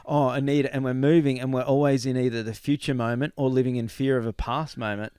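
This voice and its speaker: A middle-aged Australian man hosting a casual podcast chat, telling a travel story with lively acted-out quotes. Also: mid-range voice, fast talker, clean tone, no echo, clean studio sound. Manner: animated storyteller, acts out quotes.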